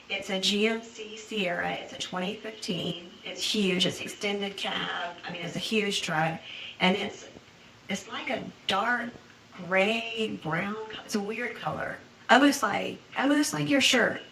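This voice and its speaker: A woman in a police interview, retelling events in a halting, rambling way and quoting what was said. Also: medium pitch, a crowd in the background, rough recording.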